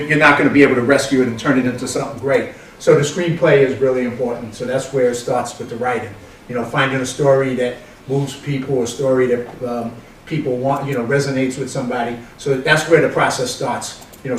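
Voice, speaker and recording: A man's voice: mid-range voice, slight background noise. A middle-aged man with a New York Bronx accent, leading a film producers' workshop in a rambling, folksy way with many fillers and restarts. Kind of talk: informal workshop talk. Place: large room with a live audience. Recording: echoey room, mic from far off.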